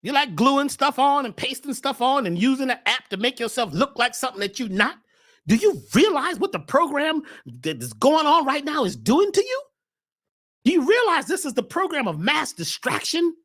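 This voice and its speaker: A man hosting a spiritual talk show, preaching with fire, shouting at times and then dropping to a hush. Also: extremely high pitch, sing-song, moderate pace. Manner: preachy, swings from shouting to hushed. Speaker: host.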